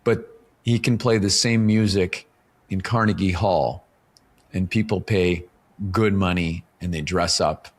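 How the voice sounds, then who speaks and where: A middle-aged man, his voice sitting very low. He talks casually as an interview guest, unfolding his points through anecdotes and checking in with the listener as he goes. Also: fairly even intonation, a little slow. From Canada. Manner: explains with stories, often checks in with "right?". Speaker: author and professional speaker, podcast guest.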